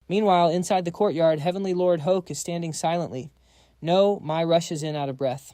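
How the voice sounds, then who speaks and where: A man narrating a comic story recap in an even storytelling delivery. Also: fairly high pitch, normal speed, dry recording, clean studio sound.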